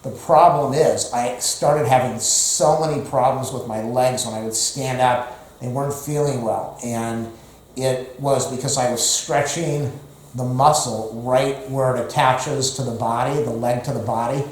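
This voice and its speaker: A man's voice: mid-range voice, fairly even intonation, measured pace. A man who is out of breath, counting exercise reps aloud between groans and rambling asides to the camera. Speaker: fitness vlogger. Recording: very echoey room.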